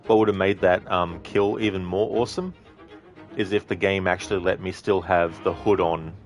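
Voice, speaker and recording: A man's voice: low voice, fairly even intonation, normal speed, soft background music. A young Australian man with an Australian accent, casually commentating a game and answering chat, blunt and profane. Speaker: gaming streamer.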